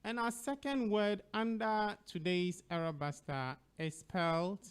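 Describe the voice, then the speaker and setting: A man with a Ghanaian English accent hosts an educational radio show, speaking slowly and deliberately and spelling words out letter by letter. His voice is high, steady and clean in tone.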